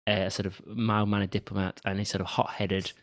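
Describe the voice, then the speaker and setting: Low-voiced dry man leading a chat. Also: little pitch movement, fast, no echo. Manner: leads the discussion, dry wry asides. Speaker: podcast co-host. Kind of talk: casual film review chat.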